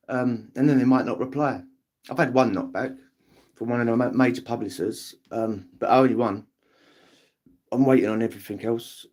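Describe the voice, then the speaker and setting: A man's voice: medium pitch, a little mellow. A young British man chatting casually on a livestream, rambling and swearing freely, acting out family members' lines. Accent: British English. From England. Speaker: livestream host.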